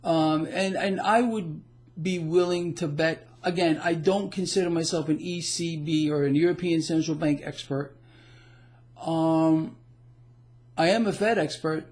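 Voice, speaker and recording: A man with a fairly high voice delivers casual market commentary on his own blog. He talks in an emphatic, boastful way and leans hard on his opinions. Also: measured pace, darkish tone. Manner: emphatic, boastful, laughs at the news. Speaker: financial blogger.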